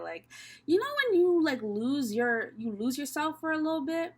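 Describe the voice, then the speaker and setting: A woman's voice: a little high, animated, normal speed, a bit bright, husky. A young woman from Canada doing a casual tarot reading and talking candidly, with plenty of swearing, as she thinks aloud. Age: young adult. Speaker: tarot reader.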